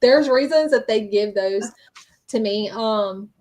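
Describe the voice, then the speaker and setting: A woman's voice: fairly high pitch, slow pace, darkish tone. A woman hosting a live-stream reading as a psychic medium, speaking earnestly and stopping often to check in with "okay?" between frequent ums.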